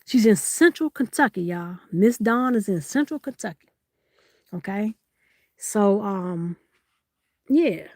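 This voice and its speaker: A woman's voice: medium pitch, animated, slow pace, pauses often, a little mellow, no echo, studio quality. A woman hosting a live-stream sale in casual chat, teasing and laughing as she reads out viewers' comments.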